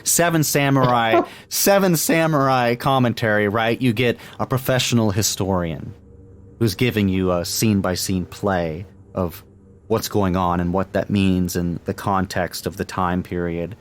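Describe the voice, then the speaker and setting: Chatty low-voiced man on a podcast. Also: unhurried. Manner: chatty, laughs often, many fillers and restarts. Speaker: podcast co-host. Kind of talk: casual movie podcast chat.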